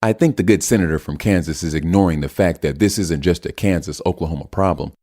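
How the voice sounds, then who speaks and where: A man's voice: sits low, fast, warm tone. A man voicing a composed male senator. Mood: earnest.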